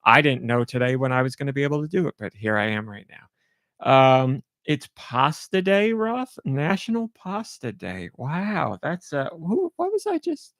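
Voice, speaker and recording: A man's voice: medium pitch, sing-song, measured pace, a bit bright, no room sound. A middle-aged man hosting a podcast alone, chatting casually in a rambling, self-deprecating way into a close mic. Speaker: podcast host. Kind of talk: casual solo podcast chat.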